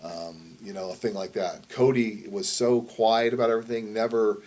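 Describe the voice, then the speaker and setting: A man's voice: fairly low pitch, steady tone, normal speed, a little mellow. A middle-aged man, a wrestler and promoter, telling a story in a shoot interview. He speaks bluntly, swears constantly and rambles. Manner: blunt, heavily profane, rambling.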